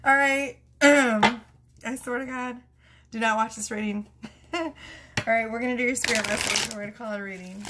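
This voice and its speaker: A woman's voice: a little high, fairly even intonation, moderate pace, a bit bright, slight background noise. A woman doing a casual tarot reading, chatty and prone to fits of laughter. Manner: giggly, chatty, laughs through her words. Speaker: tarot reader.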